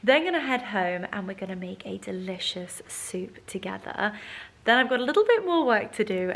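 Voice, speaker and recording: A woman vlogs casually from her kitchen, gushing cheerfully to camera and cooing at her dogs in a sing-song baby voice. Her tone is mid-range and a touch bright, recorded in an echoey room.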